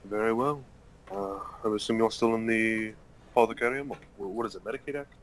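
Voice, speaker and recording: A man playing a tabletop game over an online call, formal in character and relaxed out of it. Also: fairly low pitch, fast, slight background noise, low-quality recording. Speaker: player. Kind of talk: casual tabletop role-play.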